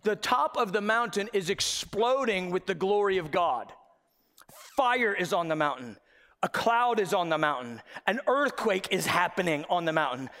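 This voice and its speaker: A male pastor with a high-pitched voice delivers a lively sermon, acting out the figures of the story and shouting in places. His voice rings through a church hall with a long reverb tail. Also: normal speed. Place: church sanctuary.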